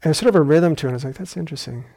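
A male meditation teacher giving a dharma talk in a retreat hall, reflective and unhurried with gentle humor. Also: fairly high pitch, lively intonation.

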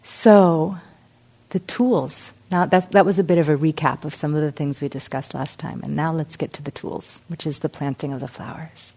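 Middle-aged woman, low voice, reflective mindfulness teacher explaining gently. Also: fairly even intonation, moderate pace, breathy edge. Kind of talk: teaching talk with a parable.

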